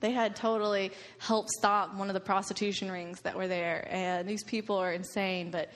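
A woman's voice: mid-range voice, flat delivery, moderate pace. A young woman giving a slideshow talk to a group about a mission trip, telling stories and laughing often. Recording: long reverb of a hall.

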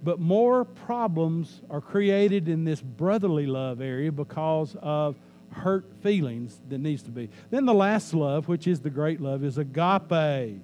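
Mellow-voiced man preaching a sermon. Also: a little high, expressive, unhurried, rough recording. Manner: conversational preaching with jokes, repeats phrases for emphasis. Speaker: pastor. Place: church sanctuary. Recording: faint mains hum.

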